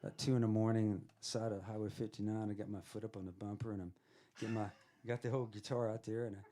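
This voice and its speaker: A man with a lowish voice spins a loose, chuckling road story for a live crowd. He rambles through his anecdotes with plenty of fillers, casual and unhurried. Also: little pitch movement, dark tone, slight background noise. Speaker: singer-songwriter guest.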